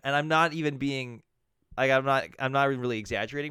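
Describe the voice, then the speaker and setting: A man, a bartender and podcast co-host, telling a profane, animated story with frequent restarts. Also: medium pitch, moderate pace, clear, resonant tone, no echo, studio quality. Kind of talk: casual chat.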